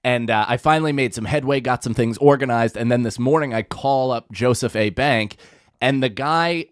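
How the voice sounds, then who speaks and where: A man's voice: mid-range voice, normal speed, clean tone. A man in his thirties tells a story on a podcast, full of exasperation and swearing. He jumps into the voices of the people in the story. The sound is close and dry, with no room echo. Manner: exasperated, profane, animated rant with voiced impressions. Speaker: podcast host. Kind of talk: casual comedic storytelling.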